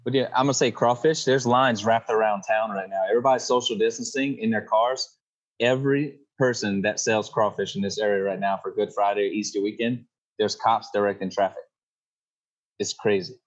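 A man's voice: fairly low pitch, fairly even intonation, a little fast, dull audio. A man in his thirties from Louisiana with a Cajun accent, chatting easily as a podcast guest. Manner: easygoing, laid-back storyteller. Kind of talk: casual chat.

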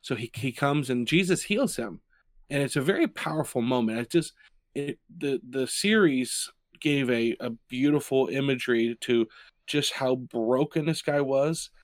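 A man's voice: mid-range voice, normal speed, no room sound. A man co-hosting a podcast, chatting casually and retelling stories with energy. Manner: animated storyteller, retelling scenes with quoted lines. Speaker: podcast co-host.

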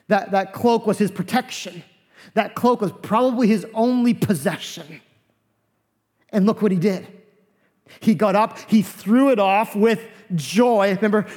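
A man preaching a sermon as pastor, animated, acting out the voices of the figures in his story. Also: high voice, in a large hall.

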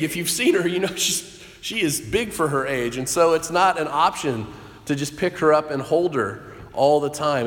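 A man in his thirties, a pastor giving a sermon in an earnest, halting storytelling way with restarts. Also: fairly high pitch, fairly bright tone. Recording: echoey hall with long reverb.

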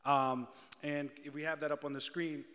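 Male host, church Q&A; upbeat moderator, slightly high voice, reverberant hall. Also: little pitch movement, normal speed, fairly bright tone. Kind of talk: hosting a church Q&A.

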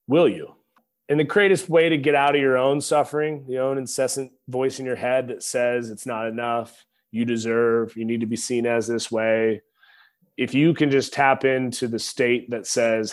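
Man, 30s, podcast guest, earnest storytelling, preacher-like cadence, says y'all, mid-pitched voice. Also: fairly even intonation, moderate pace. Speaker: podcast guest, former linebacker. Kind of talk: reflective storytelling.

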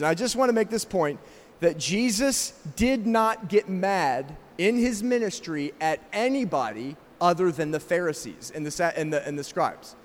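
High-voiced preacher in a reverberant church. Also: male voice, lively intonation, normal speed. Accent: slight South African. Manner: emphatic, with rhetorical questions to the congregation. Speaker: pastor. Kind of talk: sermon. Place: church sanctuary.

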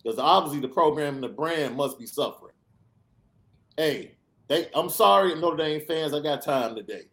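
A man hosts a sports podcast and rants. He hammers his points home with sarcastic repetition. His pitch leaps up and drops low as he pushes each point. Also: animated, normal speed, fairly bright tone. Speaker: podcast host. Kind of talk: animated sports podcast rant.

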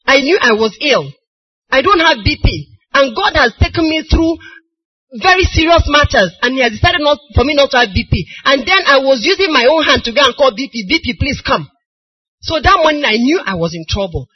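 A middle-aged woman with a Nigerian accent preaching a sermon, moving from soft storytelling to crying, shouted appeals. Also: high-pitched, very animated, brisk. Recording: dull lo-fi recording.

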